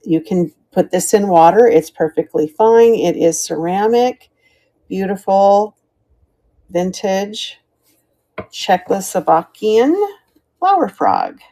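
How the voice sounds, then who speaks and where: A woman's voice: medium pitch, animated, slow, long pauses, mellow. A middle-aged woman chatting as she sells vintage items on a live stream, thanking viewers by name. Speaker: live auction seller. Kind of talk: live-stream selling chat.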